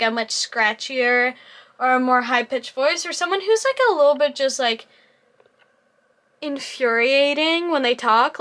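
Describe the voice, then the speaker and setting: A woman's voice: high-pitched, sharp tone. A young woman chatting casually to her camera in a vlog, rambling with lots of fillers and restarts. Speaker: vlogger.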